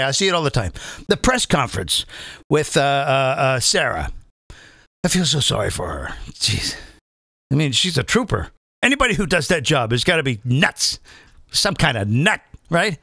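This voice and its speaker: Middle-aged guy ranting on his comedy show, sweary and sarcastic, bright tense voice, bone-dry sound. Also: high-pitched, gravelly, no room sound. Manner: animated, profane, sarcastic ranting.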